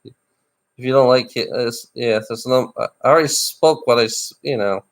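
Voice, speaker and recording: A tired middle-aged man livestreaming alone, ranting bitterly and swearing, with rough laughs between complaints. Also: medium pitch, normal speed. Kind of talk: ranting live stream monologue.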